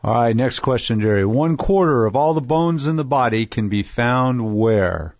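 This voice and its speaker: A Texan man, a physician co-hosting a radio health show, explaining cases in a relaxed way with many fillers. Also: medium pitch, moderate pace, dry recording, lo-fi sound. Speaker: physician co-host.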